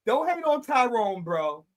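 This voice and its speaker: A male livestream host in loud, laughing, profane casual banter. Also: high voice. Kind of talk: casual chat.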